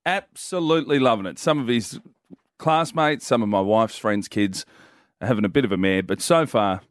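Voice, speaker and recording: An Australian man in his thirties co-hosting radio, telling a family story in an animated way. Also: lowish voice, normal speed, no echo, clean studio sound. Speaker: radio co-host.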